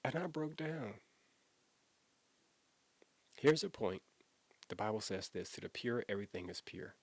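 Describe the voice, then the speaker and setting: A man's voice: on the low side, animated, measured pace, dry recording. A man, a former youth pastor, telling a personal story in an earnest, emotional, conversational way, often repeating himself as he talks.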